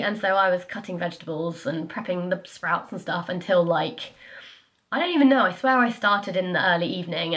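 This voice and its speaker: A woman's voice: medium pitch, a bit bright. Chatty young woman vlogging. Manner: chatty, self-deprecating, many fillers. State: sniffly. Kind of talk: casual storytelling to camera.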